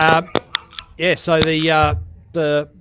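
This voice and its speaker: A man's voice: on the high side, monotone, slow pace, noisy background. An Australian man co-hosting a live darts stream, casual and sweary, full of laughing banter.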